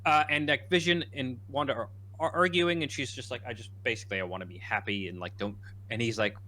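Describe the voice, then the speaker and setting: A man co-hosting a podcast, chatting casually and rambling, acting out scenes in animated bursts. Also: mid-range voice, fast, slight background noise. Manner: rambling, animated, quotes characters in lively bursts. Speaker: podcast co-host. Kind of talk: casual chat.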